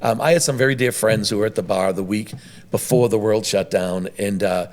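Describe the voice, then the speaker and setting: Fast-talking man telling rambling stories. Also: fairly low pitch. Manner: rambling, animated storyteller with many restarts. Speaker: restaurant owner and guest. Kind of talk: conversational podcast storytelling.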